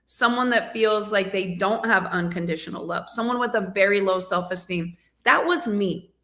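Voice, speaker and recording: Over a video call microphone, a woman who is a motivational coach and show host addresses a live audience in a bright, forceful, mid-range voice. She is emphatic and rousing, urging listeners to take action.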